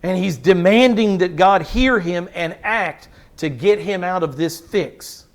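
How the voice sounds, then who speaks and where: Male pastor, high voice, emphatic sermon delivery, quizzes the congregation. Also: measured pace. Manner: emphatic, repeats words for stress, asks the congregation questions.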